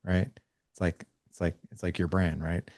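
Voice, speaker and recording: A man in his forties giving parenting advice in an interview, energetic and acting out conversations between dad and kid. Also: low-pitched, moderate pace, no room sound, studio quality. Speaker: guest on a parenting show.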